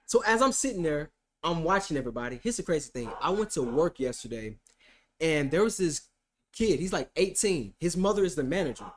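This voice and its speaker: With a slightly high voice and a slightly quick pace, a man streaming tells a comic tale of a day spent in court. His delivery is lively and full of swearing, shifting between shouting and hushed side comments.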